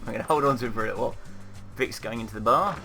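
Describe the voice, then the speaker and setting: A man's voice: mid-range voice, racing, creaky, sharp tone, soft background music. A man casually commenting on a game he is playing, chatty and wry, with many ums. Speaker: let's play commentator.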